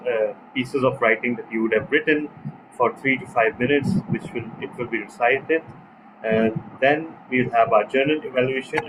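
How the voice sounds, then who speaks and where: A man hosting a club meeting as toastmaster of the day, measured and pausing with frequent fillers. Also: medium pitch. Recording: noisy line with hum behind.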